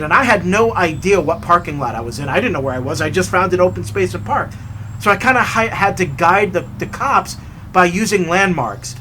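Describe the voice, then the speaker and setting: Guy rambling a story on a hike, high lively voice, bit of outdoor noise. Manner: animated, chatty storyteller. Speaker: hiking vlogger. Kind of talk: storytelling while hiking. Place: outdoors on a trail.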